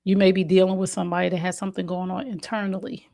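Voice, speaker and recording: Woman, New Jersey accent, casual interview guest, animated storyteller, acts out quotes. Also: lowish voice, fast, creaky. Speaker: podcast guest, autism advocate mother.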